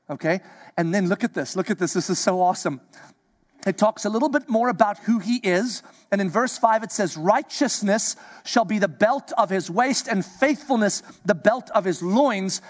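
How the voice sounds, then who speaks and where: A man preaching a sermon, animated and playful, slipping into acted-out voices for his asides. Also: high voice. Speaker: pastor.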